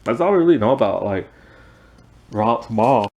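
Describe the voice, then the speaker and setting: A man's voice: mid-range voice, lively intonation, normal speed, gravelly, darkish tone, dull audio. A man giving a casual, rambling recap of a TV episode, peppered with "like" and laughing at the plot. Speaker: TV show reviewer.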